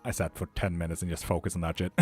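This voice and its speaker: A man's voice: deep voice, breathy edge. A man, a tarot reader hosting a live stream, chatting loosely with viewers, swearing and laughing often.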